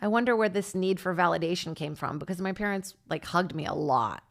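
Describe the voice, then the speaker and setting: Here a thirtysomething woman, a comic who hosts her own podcast, speaks fairly quickly in a creaky voice. Her casual monologue wanders through self-deprecating anecdotes, punctuated by laughter and lively swings in pitch.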